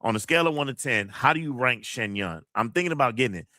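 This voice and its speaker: A man's voice: medium pitch, lively intonation, fast talker, bright, forceful tone, dry recording, studio quality. A man hosting a casual livestream, rambling in slangy talk and repeating his phrases. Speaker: host of a kung fu movie livestream.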